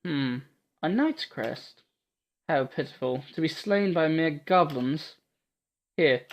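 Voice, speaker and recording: A man voicing a gruff, blunt woman warrior with a put-on Scottish accent, reading a visual novel aloud. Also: a little high, lively intonation, slow. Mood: curt. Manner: brusque, commanding. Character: gruff tough woman swordswoman, blunt and bossy.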